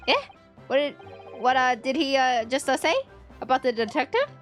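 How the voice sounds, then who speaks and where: A woman voicing an excitable, food-loving male Italian thug with an exaggerated comic Italian accent and many fillers. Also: sits high, moderate pace, soft background music, close to an everyday voice.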